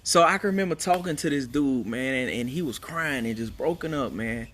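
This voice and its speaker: A man's voice: mid-range voice, animated, fairly quick, fairly bright tone. A man talking casually outdoors to people on a live stream, telling a story in a loose, repetitive way and calling his listeners "man" again and again. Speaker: father streaming live to followers. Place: outdoors at home.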